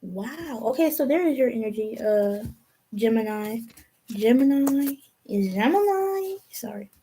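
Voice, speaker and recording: A young woman with a mellow, fairly high voice gives a casual tarot reading. She talks slowly and thoughtfully, trailing off mid-sentence and starting over as she works through the cards. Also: slight background noise, rough recording. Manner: slow, musing, trails off and restarts. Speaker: tarot reader.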